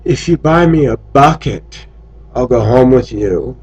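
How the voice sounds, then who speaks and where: A woman's voice: low-pitched, normal speed, mellow, husky, no echo, highs cut off, pitched above the performer's own voice. Man playing a coaxing young woman at a bar. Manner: coaxing, pleading.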